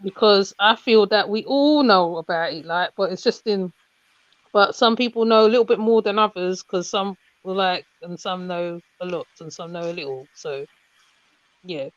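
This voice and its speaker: A woman joining a casual group chat as a mother, halting and often repeating herself. Her voice comes through muffled and lo-fi, with no room echo at all. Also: medium pitch. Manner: hesitant, repeats words, many fillers. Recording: dull, dry lo-fi audio.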